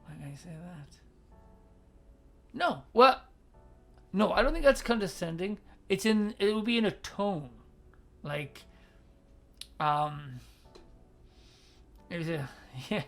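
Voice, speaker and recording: A woman's voice: on the low side, animated, slow, creaky, long pauses, fairly bright tone, soft background music. A woman hosting a livestream advice chat, blunt and swearing freely, laughing often and reading out viewer comments. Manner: reads viewer chat aloud.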